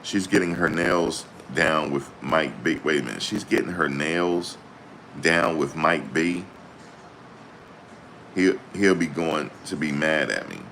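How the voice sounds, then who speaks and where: A man giving slangy, excitable reaction commentary on a trial, exclaiming and repeating his points. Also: very deep voice, slow, vocal fry, slight background noise.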